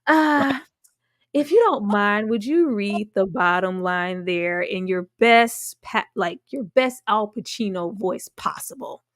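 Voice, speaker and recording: A woman hosting a live movie-review stream, bubbly and quick to laugh, greeting viewers by name in casual chat. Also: medium pitch, lively intonation, dry recording, studio quality.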